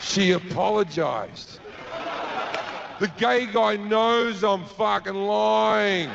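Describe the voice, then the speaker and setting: A man's voice: high-pitched, drawn-out words, creaky, crowd noise. A man with an Australian accent doing stand-up, telling a crude, profane story and acting out the people in it. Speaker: stand-up comedian. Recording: dull lo-fi live recording with noise.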